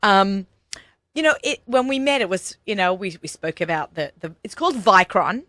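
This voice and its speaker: An Australian woman hosts a casual radio chat, talking eagerly and restarting her sentences as she goes. Her voice is bright and forward. It sounds dry and close, as in a studio. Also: medium pitch, lively intonation, no echo. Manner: chatty, enthusiastic, quick restarts. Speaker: show host.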